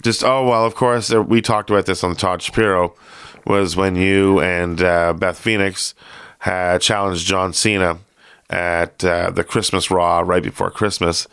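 A chatty man hosts a relaxed conversation in a deepish, smooth voice. The sound is dry and close. He gets animated and laughs easily. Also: a little slow, dry recording. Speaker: podcast host. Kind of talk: casual interview chat.

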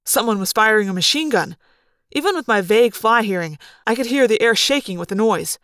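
This is a fan read-aloud by an audiobook reader, a woman whose voice sits on the high side and moves fairly quickly. Her close, dry recording has no room sound, and she delivers the first-person story with plenty of expression.

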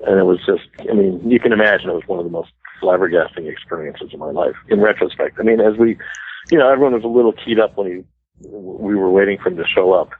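Older american guy, low and husky, laughs easily telling stories, sounds like a phone line. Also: fast talker, dry recording. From United States. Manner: chatty, self-deprecating, laughs easily. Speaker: guest musician. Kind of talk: casual storytelling interview.

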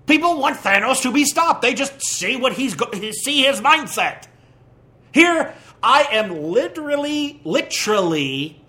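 A man hosting a podcast, ranting through a movie review in an animated, exasperated way with crude jabs. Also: sits high. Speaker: podcast host.

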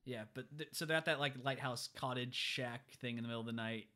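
A man casually recapping a movie with a co-host, animated and acting out characters in exaggerated voices. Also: mid-range voice, fast. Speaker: podcast co-host.

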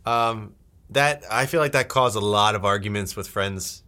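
A man's voice: lowish voice, normal speed, pushed and bright. A man co-hosting a casual podcast chat, joking around, swearing and laughing often. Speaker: podcast co-host.

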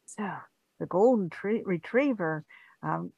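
A woman co-host narrating an improvised story, animated and unhurried. Her voice is mid-pitched and the sound is dry and close. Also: vocal fry, breathy edge, no room sound, lo-fi sound.

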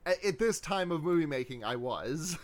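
A man's voice: fairly high pitch, animated, normal speed. A man co-hosting a casual movie chat, rambling with many restarts and laughing often. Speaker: podcast co-host.

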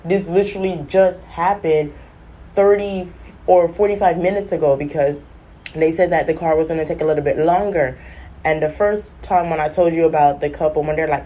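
A woman tells a funny everyday story in a relaxed vlog, animated and quick to act out the voices of others. Her voice sits somewhat low, with a warm, mellow tone. She breaks into laughter often.

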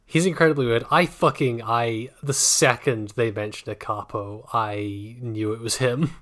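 A man's voice: medium pitch, fairly even intonation, a little slow, a bit bright. A man co-hosting a casual book podcast, rambling and joking, laughing often and swearing freely. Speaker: podcast co-host.

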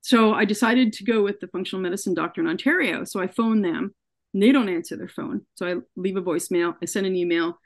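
A woman's voice: medium pitch, fast. A woman, a podcast guest, earnestly telling a personal story and acting out what people said to her. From Canada. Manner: earnest, recounts events by acting out quoted dialogue. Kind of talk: personal story told in an interview.

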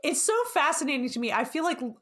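A woman's voice: high-pitched, fast, a bit bright. A woman hosting a podcast, chatting casually and enthusiastically with her guest and laughing often. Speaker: podcast host. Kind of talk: casual chat.

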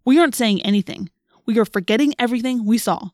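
A woman's voice: on the high side, fast talker, a little mellow, dry recording, studio quality, pitched above the performer's own voice, natural voice. Sarcastic teenage boy, wisecracking, voiced by a woman narrator, storybook read. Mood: mocking.

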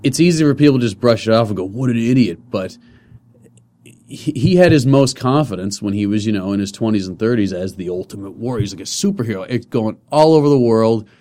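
Low-voiced young man, loose and chatty. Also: fairly quick, mellow. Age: 20s. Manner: loose and chatty, many restarts and fillers. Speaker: guest comedian and personal trainer. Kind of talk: casual podcast conversation. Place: studio.

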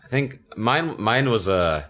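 A young man co-hosting a podcast, chatting casually with wry, quick quips. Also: medium pitch, lively intonation, fairly bright tone. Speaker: podcast co-host. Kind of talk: casual chat.

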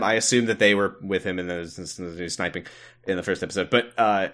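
A man's voice: mid-range voice, normal speed. A man co-hosting a casual podcast, retelling plot points with dry, wry humor. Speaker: podcast co-host. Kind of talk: casual recap chat.

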